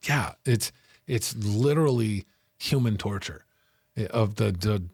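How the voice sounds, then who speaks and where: A man's voice: fairly low pitch, measured pace, a little mellow, breathy edge, dry recording, studio quality. A middle-aged man in a candid interview, earnestly recounting his past and acting out conversations with raised voices. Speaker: interview guest.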